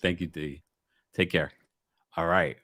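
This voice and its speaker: A man's voice: deep voice, steady tone, measured pace, a bit bright, no room sound, studio quality. A man with a New York accent hosting a casual live-stream call-in show, reading out viewer comments and laughing often. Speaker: livestream host.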